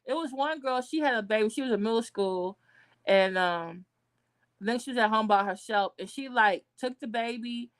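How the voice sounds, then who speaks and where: A woman vlogger gives casual livestream commentary, blunt, outraged and profane, breaking into sudden high outbursts.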